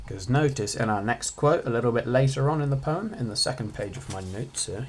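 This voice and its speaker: A man's voice: medium pitch, animated, brisk, darkish tone, a little hiss or hum. Chatty teenage guy. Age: teens. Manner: chatty, offhand, jokey asides. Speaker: student revising on his channel. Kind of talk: casual revision lesson.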